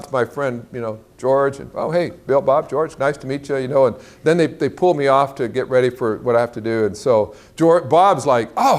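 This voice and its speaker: A man preaching to a large church crowd, telling a story with lively acted-out quotes and a lot of pitch jumps. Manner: animated storyteller, acts out quotes in a higher voice. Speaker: guest speaker. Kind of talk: sermon storytelling. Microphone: clip-on mic.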